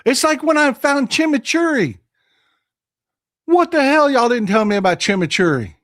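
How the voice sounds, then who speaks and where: A man hosting a livestream, telling stories in an excitable, animated way with loud exclamations. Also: very high-pitched, normal speed, no room sound, clean studio sound. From Texas. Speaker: livestream host. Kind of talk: casual chat.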